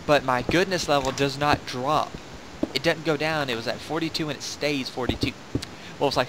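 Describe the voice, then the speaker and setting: A man's voice: medium pitch, normal speed, background noise. A young man hosting a gaming video, rambling and joking in casual commentary while laughing at himself.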